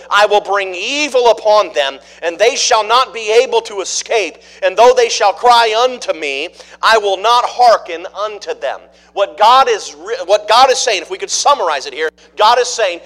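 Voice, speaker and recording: A middle-aged pastor with a high, fairly bright voice preaches a conversational sermon, explaining a passage and putting questions to the congregation.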